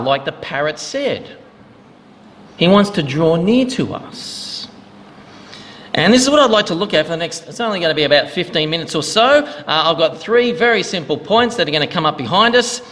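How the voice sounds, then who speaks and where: A man's voice: sits high, fairly bright tone. A male minister giving a sermon in a church, in a conversational preaching manner with a joke to open. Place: church hall. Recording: long hall reverb.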